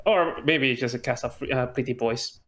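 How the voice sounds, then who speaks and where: A man's voice: medium pitch, moderate pace, a bit bright. A man co-hosting a casual movie podcast, chiming in with dry, wry remarks. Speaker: podcast co-host. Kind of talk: casual chat.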